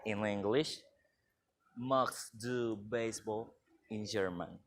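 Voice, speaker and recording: Young male student presenter, slow, explanatory delivery. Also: fairly low pitch, fairly even intonation. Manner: slow and explanatory, acting out short example dialogues. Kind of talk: class presentation.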